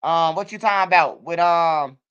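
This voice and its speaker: A middle-aged man riffs in casual streaming commentary. His voice sits high and sounds bright and smooth. He drifts loosely from point to point and keeps dropping in bro and man. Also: moderate pace, highs cut off. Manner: loose, streetwise, repeats words like bro and man. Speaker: commentary channel host.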